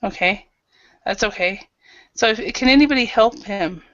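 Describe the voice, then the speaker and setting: A woman's voice: medium pitch, moderate pace, fairly bright tone, no echo, muffled recording. A woman teaching an online English grammar class, patiently calling on students by name and correcting their answers.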